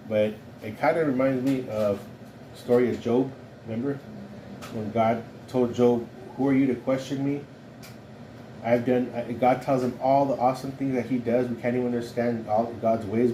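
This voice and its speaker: A man's voice: medium pitch, mellow, slight background noise. A man leading an informal Bible study, talking it through conversationally and often checking in with "right?". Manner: conversational, keeps asking "right?". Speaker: Bible teacher.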